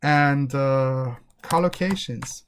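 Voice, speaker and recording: A man's voice: medium pitch, takes it slowly, slight background noise. A man teaching an exam-prep English lesson online, explaining patiently and demonstrating phrases by repeating them with different intonation, with a Persian accent.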